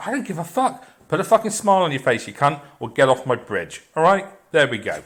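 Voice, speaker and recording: Guy swearing his way through a rambling rant, sarcastic, ordinary mid-pitch voice. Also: animated, brisk, few pauses, a bit bright. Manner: profane, blunt and sarcastic; rambling, with restarts and filler. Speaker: video reviewer. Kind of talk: unscripted rant.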